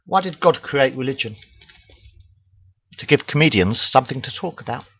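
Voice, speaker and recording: A man rambles through crude jokes into his webcam, stopping often with "uh" and restarting. His voice sits at a middling pitch, and the dull, lo-fi webcam mic takes the edge off it. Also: animated, normal speed, slightly rough. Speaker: webcam vlogger telling jokes. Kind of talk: casual joke-telling monologue.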